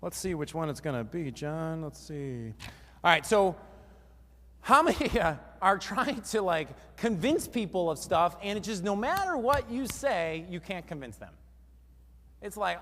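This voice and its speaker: Energetic man speaking on a seminar stage. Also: sits high, normal speed, long reverb tail. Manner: energetic, quizzes the audience. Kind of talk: live stage seminar talk. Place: large hall with a live audience.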